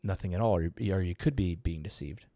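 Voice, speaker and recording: A man's voice: deep voice, a little fast, mellow, dry recording, studio quality. A man co-hosting a podcast in casual chat, peppering his talk with "like". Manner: chatty, heavy use of "like". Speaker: podcast co-host.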